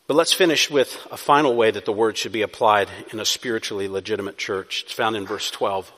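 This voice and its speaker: A man preaching a sermon as pastor, moving between soft, pleading passages and loud, urgent exhortation. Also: fairly low pitch, fairly quick, big-room sound.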